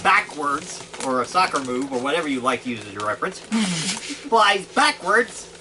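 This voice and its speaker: A man's voice: on the high side, normal speed. A man running a tabletop game as game master, narrating dice rolls and combat with a laugh. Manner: laughing, animated storytelling. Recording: noisy home recording.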